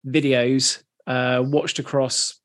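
A man's voice: medium pitch, flat delivery, slow pace. A man co-hosting a podcast, explaining things in a casual, rambling way with lots of restarts. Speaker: podcast co-host. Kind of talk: casual educational chat.

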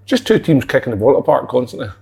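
A man's voice: medium pitch, very animated, quick pace, vocal fry, mellow. A man with a Scottish accent co-hosting a podcast, giving a dry, matter-of-fact match report. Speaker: podcast co-host. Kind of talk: casual banter.

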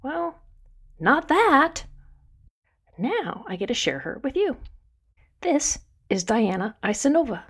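A woman in her forties from Southern California, hosting a podcast with lively, playful scripted storytelling. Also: a little high, moderate pace, slightly rough. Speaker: podcast host.

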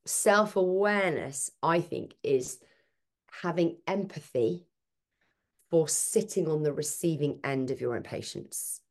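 Low-voiced emphatic woman. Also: unhurried. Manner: emphatic, animated, thinks aloud. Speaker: podcast guest, parenting speaker. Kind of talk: casual conversational interview.

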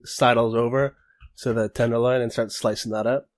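Halting man running a tabletop game. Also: medium pitch, level tone. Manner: halting, many fillers and restarts. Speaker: game master.

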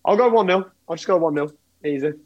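Eager fast-talking young football fan. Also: male voice, a little high, highs cut off, a little hiss or hum. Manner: eager and emphatic about his team. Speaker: fan panelist. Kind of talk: casual chat.

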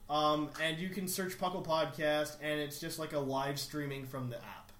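A man's voice: a little high, steady tone, moderate pace, a bit bright. Echoey casual podcast host, a man. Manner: reads mail aloud in a mock-formal tone. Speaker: podcast host reading listener emails. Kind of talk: casual chat. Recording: echoey room, faint noise.

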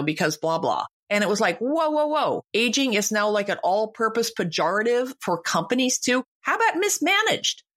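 A woman's voice: fairly low pitch, a bit bright. Emphatic older woman author. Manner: emphatic, opinionated, measured. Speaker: guest author. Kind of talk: conversational interview.

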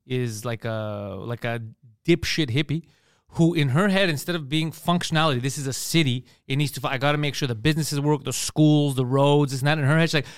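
A man's voice: mid-range voice, a little fast, clear, resonant tone, no echo, clean studio sound. A man hosting a casual comedy podcast who rants bluntly and profanely and acts out other people's voices.

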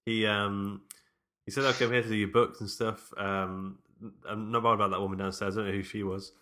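A man's voice: lowish voice, flat delivery, brisk, pushed and bright. A man chatting casually about a film, laughing often and restarting his sentences.

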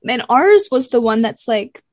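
A woman's voice: on the high side, moderate pace, dry recording, studio quality. A woman co-hosting a podcast, chatting casually and animatedly retelling scenes. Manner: animated recapping, acts out lines from scenes. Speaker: podcast co-host. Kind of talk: casual chat.

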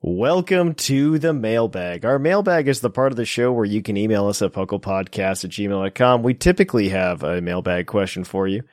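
A man's voice: on the low side, no room sound, clean studio sound, faint music behind. A man hosting a podcast, easygoing and casual as he leads into segments. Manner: easygoing, halting with fillers. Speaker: podcast host.

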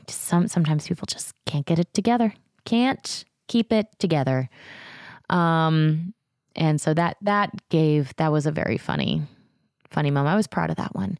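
A woman in her thirties hosting a podcast, telling a story in a chatty, animated way with lots of fillers and acted-out quotes. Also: deep voice, normal speed, clear, resonant tone, dry recording, studio quality. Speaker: podcast host. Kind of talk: casual storytelling chat.

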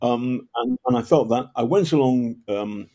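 With a northern English accent, a journalist and author shares stories in a conversational interview, often restarting his sentences as he rambles and projects his voice. His medium-pitched voice is mellow and unhurried.

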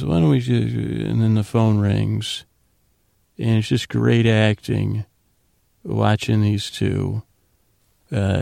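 A man hosting a comedy podcast, casually retelling a TV episode scene by scene with quick quoted lines. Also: lowish voice, creaky, mellow, no room sound, clean studio sound. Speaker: podcast host recapping a TV episode.

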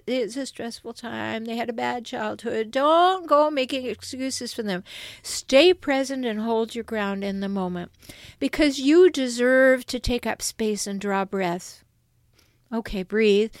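A woman coaching her listeners through relationship troubles in an earnest, encouraging voice. She sits a little high in pitch and stresses her key points firmly. The recording is dry, with almost no room sound. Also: no echo. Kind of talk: direct-to-camera advice talk.

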